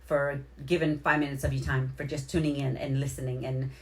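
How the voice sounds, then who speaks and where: A woman with a deep, low-pitched voice hosts a casual livestream. She rambles warmly through shout-outs to her viewers and thanks them over and over. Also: level tone, brisk. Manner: heartfelt, near tears at moments. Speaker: livestream host.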